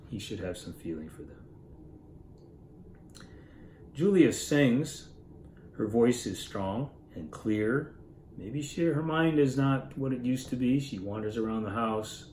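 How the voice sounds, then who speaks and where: Here a literature reader summarizes a classic story at a measured pace, his medium-pitched voice a little mellow, earnestly pondering aloud and self-correcting. The low-quality audio carries reverb and a faint hiss or hum.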